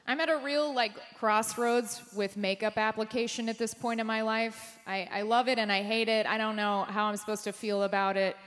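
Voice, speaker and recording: A woman performing a stand-up comedy set on a theater stage, delivering deadpan punchlines and jumping high for quoted voices. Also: moderate pace, few pauses. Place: theater stage before a live audience. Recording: live stage mic with hall reverb.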